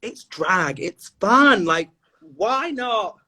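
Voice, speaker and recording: A man's voice: high-pitched, lively intonation, very slow, sharp tone. A man chatting campily and gushingly as a drag queen guest on a phone video call. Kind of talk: casual chat on a live stream.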